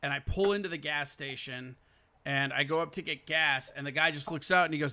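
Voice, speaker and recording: Bright high-voiced profane man. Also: brisk. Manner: profane, blunt storytelling. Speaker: comedian host. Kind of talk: casual podcast chat.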